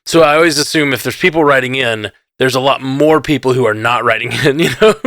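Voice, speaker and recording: A man's voice: mid-range voice, a little fast, fairly bright tone, dry recording. Easygoing man in dry casual chat. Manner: easygoing, laughs often, trails off mid-thought. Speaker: podcast co-host.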